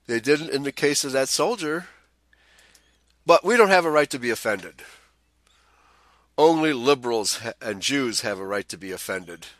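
A man's voice: mid-range voice, expressive, normal speed, long pauses, a bit bright, dry recording. A man hosting a commentary show, reading news items aloud and adding sarcastic, scornful asides, often chuckling and stumbling over repeated words.

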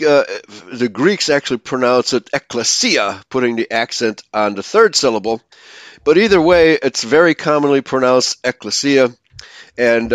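A man's voice: medium pitch, fairly bright tone, no echo. Dry-voiced male radio host, rambling. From Germany. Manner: rambling, with many fillers and tag questions. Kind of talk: casual radio talk.

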